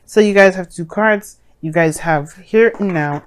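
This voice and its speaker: Chatty slightly hoarse woman reading tarot. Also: on the low side, animated, unhurried, few pauses, slight background noise. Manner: rambling, chatty, sassy, lots of fillers. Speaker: tarot reader. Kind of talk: casual tarot reading to viewers.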